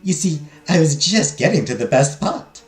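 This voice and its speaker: A man's voice: fairly high pitch, expressive, normal speed, pitched above the performer's own voice, natural voice. A man voicing a polite French noblewoman in a game, speaking with a light put-on French accent. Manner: polite, slightly taken aback. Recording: roomy echo, faint music.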